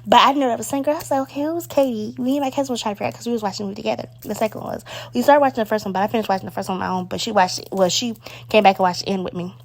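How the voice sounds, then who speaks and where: Chatty, excitable woman reviewing a movie. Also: mid-range voice, rapid-fire. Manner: chatty and excitable, slangy, many fillers. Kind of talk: casual spoken movie review.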